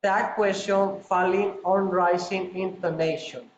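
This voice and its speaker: A man's voice: high-pitched, steady tone, slow pace, slight background noise. A man carefully reading English intonation drills aloud, one example at a time, in a home recording. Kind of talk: slow read-aloud drill. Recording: roomy, slightly dull home recording.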